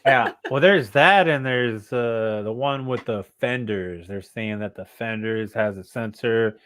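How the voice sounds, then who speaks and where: A man's voice: mid-range voice, a little slow, fairly bright tone. A man with a Southern US accent hosting a casual motorcycle livestream, rambling and laid-back, saying dude a lot. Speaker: motorcycle channel host.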